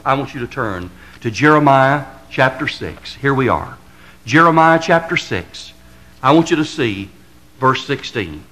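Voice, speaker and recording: Southern-drawl pastor, man, bright tone, preaching in swelling repeated cadences. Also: a little high, rough recording. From American South. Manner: impassioned, building to emphatic crescendos; repetitive rhetorical cadence with drawn-out stresses. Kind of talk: fiery preaching sermon.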